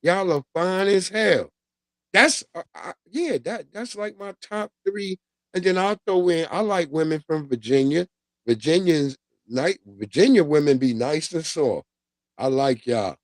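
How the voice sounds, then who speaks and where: A middle-aged man hosting a casual livestream, ranting in a loose, profane, animated way and laughing often. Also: a little high, a little slow, no room sound. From New York. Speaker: livestream host.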